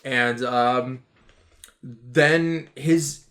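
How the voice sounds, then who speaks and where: A man co-hosts a film review podcast in casual conversation. He stumbles over repeated words and restarts, working his way slowly toward each point. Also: mid-range voice, steady tone, fairly bright tone. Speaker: podcast co-host.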